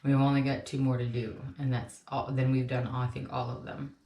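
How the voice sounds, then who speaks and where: Low-pitched young woman rambling casually, echoey room. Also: level tone, moderate pace, vocal fry, warm tone. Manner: rambling, filler-heavy storytelling. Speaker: co-host. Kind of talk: casual chat.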